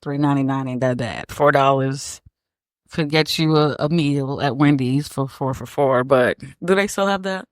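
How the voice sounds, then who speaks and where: A woman's voice: extremely low pitch, moderate pace, no echo. A woman hosting a casual podcast, teasing her co-host and laughing often. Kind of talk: casual chat.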